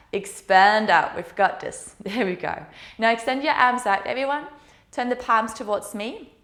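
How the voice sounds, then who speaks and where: Soothing woman guiding a yoga flow, roomy echo. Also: mid-range voice. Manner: soothing, encouraging guidance. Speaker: yoga teacher. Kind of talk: guided yoga instruction.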